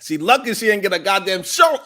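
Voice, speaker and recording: A man's voice: high-pitched, lively intonation, a little fast, sharp tone. A man hosting a live stream, ranting in heated, profane reaction commentary.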